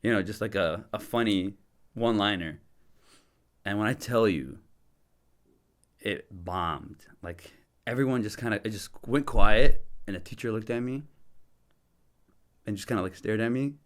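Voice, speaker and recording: A young man from Michigan casually telling a story as a podcast guest, animated and slangy, laughing and swearing as he goes. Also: lowish voice, unhurried, long pauses. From Dearborn, Michigan.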